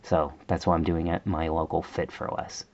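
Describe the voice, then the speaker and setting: A man's voice: deep voice, level tone, normal speed, darkish tone, dull audio. A man vlogger telling a rambling, exasperated story in a casual rant, full of fillers.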